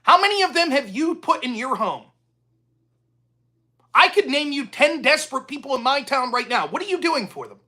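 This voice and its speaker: Angry, profane man with a bright, forceful voice. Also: extremely high pitch, sing-song, moderate pace. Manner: talks straight at the listener. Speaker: political talk show host. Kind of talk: solo ranting commentary.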